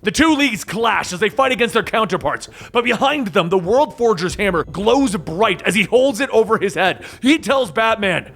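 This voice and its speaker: A man narrating a comic book story recap in a dramatic, rushing style that builds to shouts. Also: high voice, animated.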